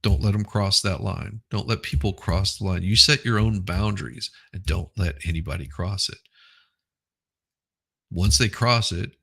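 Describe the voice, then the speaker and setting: A man's voice: low-pitched, moderate pace, creaky, pushed and bright, husky. A man hosting a casual, opinionated news commentary show, talking bluntly and often repeating himself. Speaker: host of a news commentary channel.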